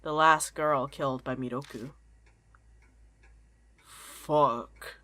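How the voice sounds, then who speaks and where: A woman streamer with a low voice narrates a horror game, reading its text aloud. She is blunt, swears casually and jokes with her co-players between passages. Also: steady tone, drawn-out words, bright, forceful tone.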